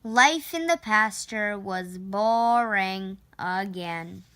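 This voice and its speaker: Female storyteller, children's read-aloud; unhurried, bright, expressive. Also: medium pitch, clean tone. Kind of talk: reading a children's book aloud.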